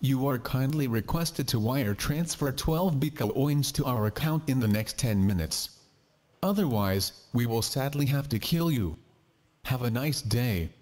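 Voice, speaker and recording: Low mechanical voice, loud, polite and menacing, flat robotic delivery. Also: male voice, measured pace. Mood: coldly polite. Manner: overly courteous, flat, machine-like. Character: polite menacing mechanical hacker voice from a car radio.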